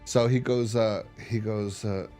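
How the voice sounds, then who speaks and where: A man's voice: lowish voice, steady tone, a little slow, mellow, soft background music. A man hosting a show, reading a comic aloud and commenting in a chatty, amused way, with fillers and restarts. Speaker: host.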